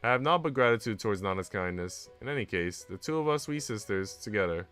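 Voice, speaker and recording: Animated man reading a visual novel aloud. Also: fairly low pitch, fast talker. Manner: animated, adds asides. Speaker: streamer. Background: faint game music.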